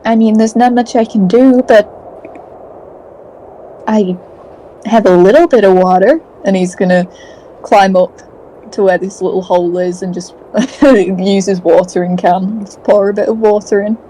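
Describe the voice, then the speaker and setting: A woman's voice: medium pitch, steady tone, measured pace, dark tone, slight background noise, low-quality recording. A British woman taking part in a tabletop game, talking in a playful, giggly way. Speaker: player.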